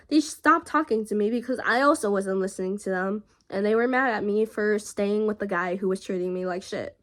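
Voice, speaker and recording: A young woman vlogger telling a personal story in a halting, emotional way, with frequent fillers and pauses. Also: medium pitch.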